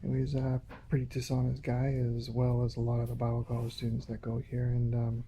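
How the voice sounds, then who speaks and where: A man, talking haltingly into his phone at home in a rambling monologue, full of pauses and restarts. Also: medium pitch, mellow, slight background noise. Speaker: vlogger. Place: home in a shared residential building.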